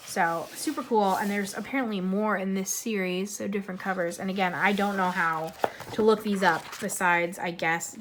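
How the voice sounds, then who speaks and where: Woman vlogger, casual haul chat, gushing, slightly strained voice, middle pitch. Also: a little hiss or hum. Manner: bubbly, gushing, repeats 'super'. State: losing her voice. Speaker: vlogger showing a coloring book haul.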